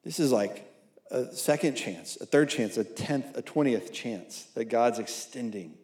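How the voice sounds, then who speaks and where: Chatty preacher in an echoey room. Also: male voice, mid-range voice, lively intonation, unhurried, a little mellow. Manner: conversational, often asking "right?"; reads scripture aloud. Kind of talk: sermon. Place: church hall at a college service.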